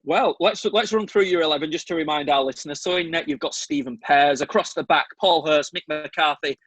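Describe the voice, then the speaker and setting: A man's voice: on the high side, brisk, fairly bright tone, no echo, rough recording. A man hosting a football podcast over a video call, joking and laughing easily. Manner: jokey, playful, laughs easily. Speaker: podcast host. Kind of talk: casual football podcast chat.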